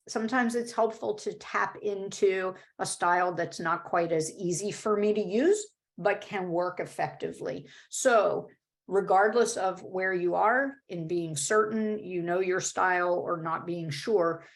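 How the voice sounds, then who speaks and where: Female webinar presenter, lowish voice with some fry, conversational teaching over a video call. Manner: explanatory, conversational, with frequent "right?" and "uh". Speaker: workshop presenter. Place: home or office video call.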